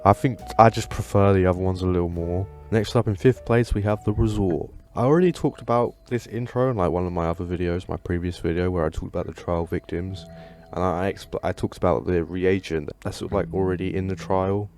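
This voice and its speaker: A man's voice: low-pitched, fairly even intonation, brisk, darkish tone, soft background music. A man hosting a casual commentary video, enthusiastic and rambling, with lots of fillers. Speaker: gaming video host.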